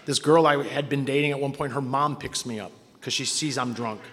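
A man's voice: medium pitch, fairly even intonation, a little fast, fairly bright tone, a little hiss or hum. A middle-aged man telling his own recovery story to a meeting, in a candid, self-mocking way. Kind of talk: personal testimony to a meeting. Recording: long hall reverb.

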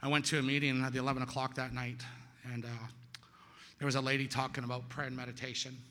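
Bright-voiced man telling his recovery story. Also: level tone, fast, slight background noise. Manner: conversational, storytelling, asks "right?" often; acts out quoted voices, louder and higher. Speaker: recovery meeting speaker. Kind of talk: personal testimony talk. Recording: hall reverb.

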